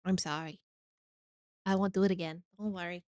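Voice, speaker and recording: A woman's voice: fairly low pitch, fairly even intonation, brisk, a little mellow, a little hiss or hum. A woman streamer in casual chat with her viewers, teasing and giggly.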